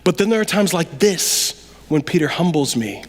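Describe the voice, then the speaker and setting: A man delivers a sermon in a church sanctuary. He talks to the congregation in a lively, conversational way, sometimes dropping to a near-aside. His voice carries a long reverb from the large hall. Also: on the high side, moderate pace. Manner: conversational, animated preaching with sudden drops to quiet. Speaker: preacher.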